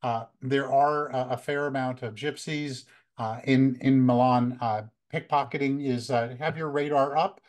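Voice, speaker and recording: An American man in his fifties, a photography workshop leader, giving relaxed, conversational travel tips with many fillers. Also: mid-range voice, unhurried. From United States. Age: 50s. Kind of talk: casual talk, practical travel tips.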